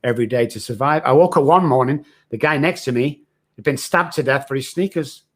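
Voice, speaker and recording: This recovery expert, a middle-aged podcast guest, talks fairly quickly in a mid-range voice. The storytelling is candid and personal, as he earnestly and rawly describes his own hardships.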